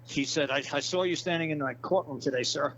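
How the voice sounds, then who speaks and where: A man telling a long story in a casual interview, animated and profane, acting out the people in his tale. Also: on the high side, brisk, lo-fi sound, a little hiss or hum. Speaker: guest.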